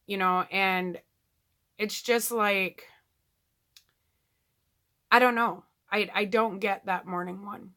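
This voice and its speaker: A woman's voice: medium pitch, steady tone, slow pace, pauses often, bright, forceful tone. A woman talking candidly in a casual video diary, rambling with lots of ums and you-knows. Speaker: vlogger.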